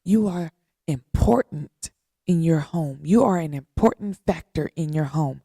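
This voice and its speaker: Woman podcast host, slow earnest faith talk, gravelly and dark voice, dry close sound. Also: low-pitched, animated, no room sound. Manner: earnest, repetitive, with long pauses.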